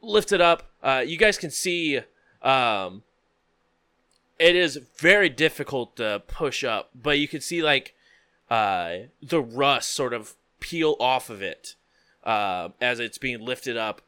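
Bright, crisp game master narrating. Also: male voice, mid-range voice, animated, no echo. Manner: descriptive, halting with many fillers.

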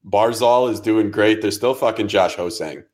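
A man's voice: lowish voice, normal speed, a little mellow. A young man co-hosting a podcast, answering in a dry, teasing, laid-back way. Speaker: podcast co-host. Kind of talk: casual chat.

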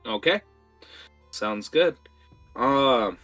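A man running a tabletop game as game master, talking in a lively, rambling way with fillers. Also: lowish voice, takes it slowly, faint music behind.

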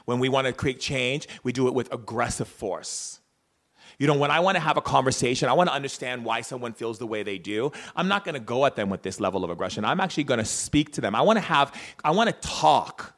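A man telling personal stories in an earnest, preachy talk, swinging between hushed and loud. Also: mid-range voice, expressive, fast talker. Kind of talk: spoken storytelling talk.

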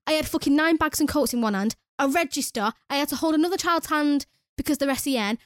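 A woman's voice: sits high, brisk, few pauses, no echo, studio quality. A young woman who works at a nursery, telling a story in casual chat with lots of swearing and exasperated ranting. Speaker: nursery worker.

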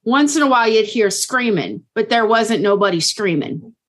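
A woman's voice: on the high side, lively intonation, moderate pace. A woman reading out a troubled young man in jail with a Pittsburgh accent, rambling about ghosts in the house. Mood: spooked.

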